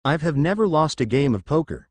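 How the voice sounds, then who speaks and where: A man voicing a gruff, mocking giant male reptile monster in a read-aloud fan story. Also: fairly high pitch, very animated, a little fast, no room sound, voice pushed up.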